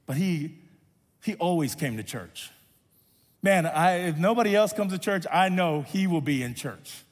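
A man's voice: fairly high pitch, lively intonation, unhurried, in a large hall. A male pastor preaching a sermon, stretching refrains into half-sung lines.

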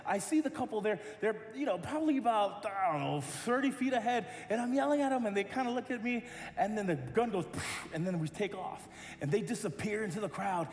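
Male pastor, high voice, animated sermon storytelling; large roomy hall with long reverb. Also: fairly quick. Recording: echoey hall with music.

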